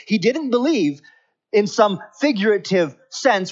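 A man preaching a sermon with slow, stressed phrases. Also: high voice, animated. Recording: slightly dull lo-fi recording.

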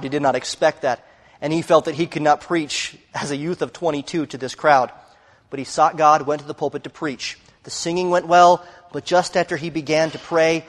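A man delivers a sermon in an earnest storytelling manner, often swelling to loud, forceful emphasis. His voice sits a little high for a man. The sound carries a long reverb, as if recorded in a large hall. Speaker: preacher.

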